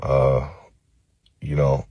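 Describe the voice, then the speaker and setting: A man from Los Angeles recording a phone-camera apology video, halting and cursing, with many pauses and fillers. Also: a bass voice, monotone, warm tone, dry recording. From Los Angeles, United States. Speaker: vlogger.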